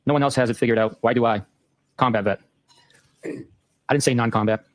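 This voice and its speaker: A man hosting a show, reading a long exchange of text messages aloud in a brisk, matter-of-fact way. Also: medium pitch, fairly even intonation, dry recording. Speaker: host.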